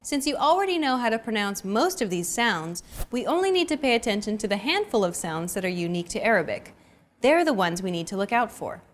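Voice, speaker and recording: A young adult woman hosting a language lesson in an upbeat, clear teacherly delivery. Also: mid-range voice, very animated, fairly quick, a little hiss or hum. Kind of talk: scripted lesson narration.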